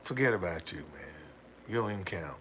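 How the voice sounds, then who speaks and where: This livestream host has a deep, somewhat bright, expressive voice and talks a little fast. An American, he tells his viewers a rambling story, repeating words and laughing heartily throughout, with a slight hiss or hum on the audio.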